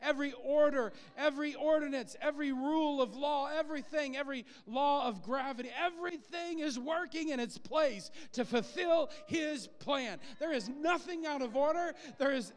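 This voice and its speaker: Animated male preacher, very high voice, laughs often, long hall reverb. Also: moderate pace, few pauses. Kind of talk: sermon.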